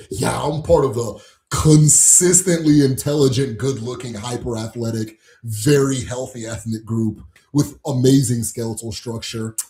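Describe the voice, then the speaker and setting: A man's voice: mid-range voice, steady tone, unhurried, mellow. A man hosting his own channel, ranting casually and mockingly to camera, swearing and laughing often. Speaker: host of a channel on Igbo spirituality. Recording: roomy echo.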